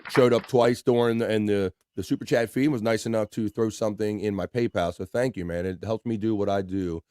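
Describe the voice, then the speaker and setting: A man's voice: on the low side, steady tone, fairly quick, mellow, a little hiss or hum. A man hosting a livestream in a casual, laid-back chat, reading out viewer comments and swearing freely. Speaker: livestream host.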